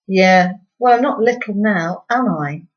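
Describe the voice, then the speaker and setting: A woman's voice: mid-range voice, unhurried, highs cut off, lightly acted. A woman doing a sulky tired boy. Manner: sulky, sullen.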